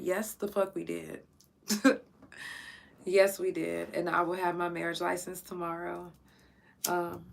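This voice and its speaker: Bright-voiced, fired-up woman podcaster. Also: fairly low pitch, creaky. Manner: profane, excitable, close to tears. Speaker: podcast host. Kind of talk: casual emotional monologue.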